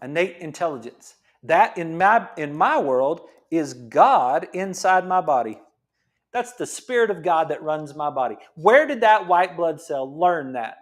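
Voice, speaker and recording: Guy, chiropractor type, preachy and fired up, highish voice that jumps all over. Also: expressive, a little slow. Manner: fired-up, preachy, rhetorical questions. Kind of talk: health talk monologue.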